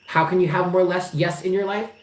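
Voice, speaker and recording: This tarot reader talks fairly quickly in a fairly low, slightly mellow voice with fairly even intonation. She reads cards live for her viewers, affectionate and emphatic, with casual swearing, in a roomy space with faint background noise.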